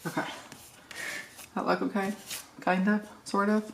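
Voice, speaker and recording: A woman's voice: medium pitch, flat delivery, unhurried, creaky, long pauses, a little hiss or hum. A woman chatting casually and thinking aloud while decorating a planner, joking at her own expense. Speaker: planner vlogger.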